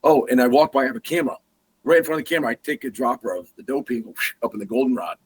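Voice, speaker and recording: A man's voice: mid-range voice, racing, husky. A man, a guest hunter, telling a story in a casual way and acting out the sounds and the dialogue. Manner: animated, acts out sounds and quoted dialogue.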